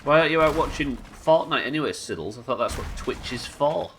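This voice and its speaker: A man's voice: medium pitch, animated, fairly quick, a bit bright, soft background music. A man with a Yorkshire accent chatting casually and swearing freely while streaming a game. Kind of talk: casual live-stream chat while gaming.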